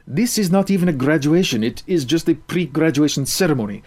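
A man's voice: a little high, expressive, fairly quick, darkish tone. A man voicing a nerdy thirteen-year-old boy who complains pedantically about a ceremony. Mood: grumbling.

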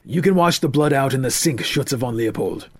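A man voicing a sinister, scheming older father who speaks calmly and quietly, in an audiobook. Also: mid-range voice, normal speed, husky.

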